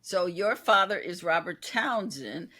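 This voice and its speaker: A woman's voice: fairly low pitch, lively intonation, a little slow, bright, forceful tone, breathy edge. A woman hosting an interview, asking long conversational questions and acting out quoted lines. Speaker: interview host.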